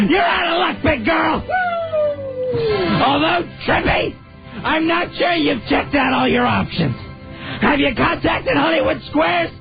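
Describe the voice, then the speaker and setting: A radio co-host doing an impression of a brash, shouting wrestler cutting a promo, full of "Woo!" yells. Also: male voice, very high-pitched, vocal fry, exaggerated voice. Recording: dull lo-fi radio broadcast with music.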